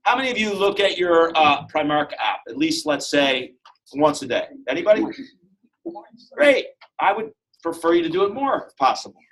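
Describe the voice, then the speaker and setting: A man giving a joking, animated motivational sales talk to a live audience, acting out little dialogues. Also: fairly high pitch, moderate pace, rough recording. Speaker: motivational speaker.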